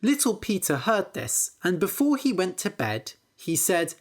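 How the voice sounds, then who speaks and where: A woman narrating a simple story for English learners, clear and deliberate. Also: lowish voice, sing-song. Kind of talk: slow scripted story narration.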